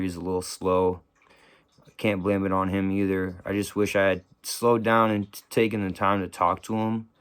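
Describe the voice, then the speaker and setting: A young man from the Bay Area, telling a personal story to camera in a slangy, subdued, halting way. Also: lowish voice, clean tone. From San Francisco Bay Area.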